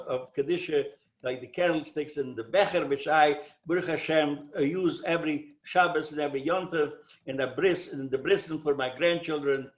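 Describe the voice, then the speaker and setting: An older man telling a personal story, halting and often repeating words as he restarts. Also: on the high side, roomy sound, lo-fi sound. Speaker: survivor telling his story.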